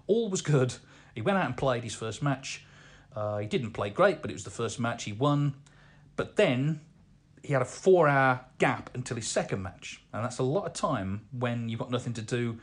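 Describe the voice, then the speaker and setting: A man hosts a podcast, talking through listener letters in casual chat. His voice sits at an ordinary middle pitch. He speaks conversationally, often pausing on fillers and restarting his sentences. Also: animated. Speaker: snooker podcast host.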